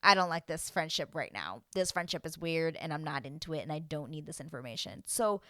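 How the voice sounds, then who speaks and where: A woman talking through a casual reality-show recap, animated and exclamatory, with a slightly low voice. The sound is close and dry, with no room echo. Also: a little fast. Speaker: recap vlogger.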